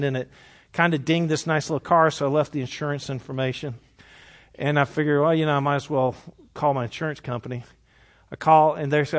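A man's voice: on the high side, brisk. Man with a raised voice preaching casually. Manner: lively, jokes with and questions the group. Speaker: pastor leading a Bible study. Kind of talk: conversational sermon to a live group.

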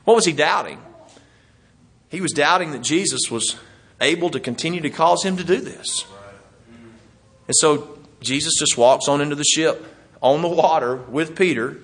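Man preaching, bright and slightly high voice, homey and chatty. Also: moderate pace. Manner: folksy and conversational, chuckles while teaching. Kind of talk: sermon.

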